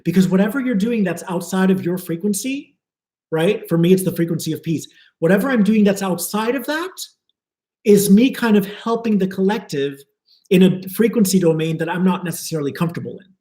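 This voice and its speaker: A man's voice: high voice, expressive, brisk, dark tone, echoey room. A man giving a live spiritual talk to his viewers, earnest and flowing, repeating words for emphasis. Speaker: spiritual teacher.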